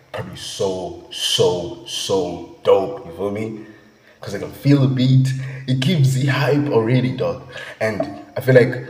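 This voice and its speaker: Young South African guy, low voice, hyped slangy reaction chat, echoey reverberant room. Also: a little mellow, a little hiss or hum. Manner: slangy, hyped, peppered with "bruh" and "you feel me". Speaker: music reaction vlogger.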